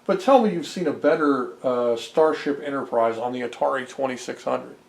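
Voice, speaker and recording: A man's voice: mid-range voice, normal speed, creaky. A man giving casual, rambling commentary as a homebrew game developer, with many fillers and restarts.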